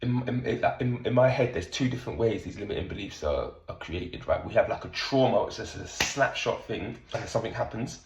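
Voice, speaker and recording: A middle-aged man talking through a casual stream-of-consciousness monologue as a somatic coach, blunt and animated, swearing often. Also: lowish voice, a little fast, few pauses, reverberant, slight background noise, rough recording.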